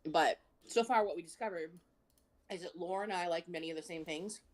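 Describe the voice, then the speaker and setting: A woman's voice: fairly low pitch, brisk. A woman co-hosting a live stream, chatting animatedly and reading viewer comments aloud. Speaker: livestream co-host reading chat. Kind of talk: casual chat.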